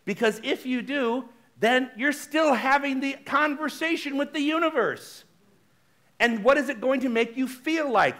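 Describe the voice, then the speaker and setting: A male minister giving a conversational sermon, animated and chatty, often checking in with the congregation. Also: very high voice, a little slow. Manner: chatty, frequently asks the congregation "right?"; animated, shifts between loud exclamations and soft asides.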